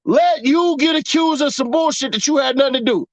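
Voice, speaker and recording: High-pitched man ranting, mocking. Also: fairly quick, dry recording. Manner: mocking, profane, rhetorical questions, laughing at the audience. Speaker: commentary vlogger. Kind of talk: casual ranting commentary.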